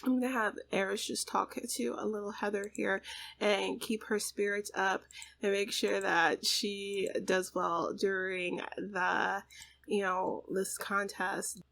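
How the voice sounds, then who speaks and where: A woman hosts a let's play, giving casual, chatty gameplay commentary full of "like" and "you know" and frequent laughter. Her voice is medium-pitched, level, slow, creaky, and a bit bright.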